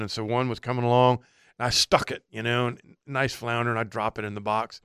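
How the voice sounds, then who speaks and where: Man, co-host, smooth clear voice, animated storyteller, dry close sound. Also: mid-range voice, fairly quick, no echo. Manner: animated storyteller, laughs through anecdotes. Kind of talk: casual storytelling chat.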